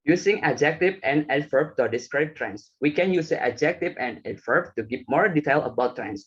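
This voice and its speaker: A young man gives a class presentation, reading off his slides with some hesitant fillers. His mid-range voice is slightly rough, and the recording has its highs cut off.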